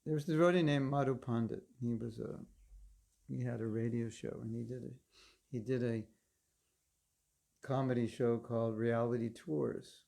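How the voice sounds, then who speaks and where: A man's voice: medium pitch, fairly even intonation, normal speed, vocal fry, pauses often, warm tone. A man giving a devotional class lecture as a spiritual teacher, conversational and wry, often putting questions to his listeners. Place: Alachua, Florida.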